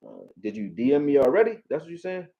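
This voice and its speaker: A man's voice: mid-range voice, fast talker, creaky, phone-quality sound. Profane Philly man breaking down football. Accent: Philadelphia. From Philadelphia. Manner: profane, animated, talks back to chat. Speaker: sports streamer. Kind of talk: live-stream football breakdown.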